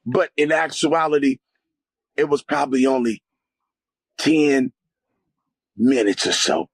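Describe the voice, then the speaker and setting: A man telling an intense personal testimony as an interview guest, speaking emphatically and rising to near-shouts at dramatic moments. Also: medium pitch, takes it slowly, slightly rough, dry recording.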